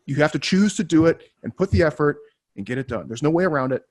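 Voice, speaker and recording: Man, somewhat high voice, fast, blunt, profane, podcast co-host. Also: expressive, darkish tone. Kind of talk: casual fitness podcast chat.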